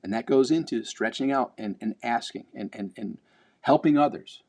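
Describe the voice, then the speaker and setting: A man's voice: medium pitch, moderate pace, darkish tone. A man vlogging a motivational talk, blunt and emphatic, swearing casually and repeating words as he builds up.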